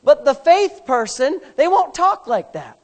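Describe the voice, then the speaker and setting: A woman preaching a sermon, emphatic and repetitive, building to forceful peaks as she drives her point home. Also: high voice, big pitch swings, unhurried.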